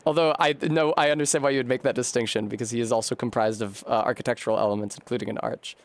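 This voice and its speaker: A man's voice: mid-range voice, fast talker, few pauses, dry recording. A man streaming a video game, chatting casually, thinking aloud as he sounds out foreign words and swearing freely. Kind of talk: casual live-stream gaming commentary.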